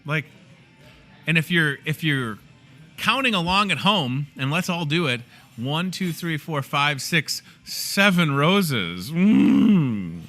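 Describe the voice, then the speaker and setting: Midwestern male host, young, crisp bright voice, easygoing and jokey, in-store promo chat. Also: fairly high pitch, measured pace, faint music behind. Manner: chatty, playful, joking asides. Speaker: host of a store's daily show. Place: inside a grocery store.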